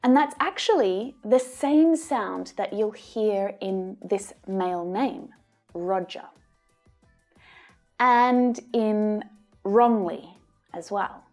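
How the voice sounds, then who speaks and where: A woman with an Australian accent teaching English pronunciation, modelling each sound slowly and carefully. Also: mid-range voice, a little mellow, soft background music. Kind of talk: pronunciation lesson.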